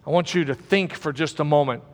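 A man's voice: a little high, brisk, long reverb tail. A man preaching a sermon as pastor, emphatic and repeating key words for stress.

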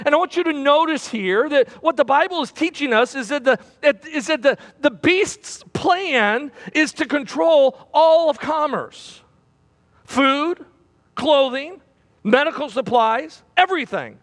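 A man preaching a sermon from a church platform, swinging between loud bursts and hushed, repeated phrases. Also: extremely high pitch, expressive, unhurried. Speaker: pastor. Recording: long hall reverb.

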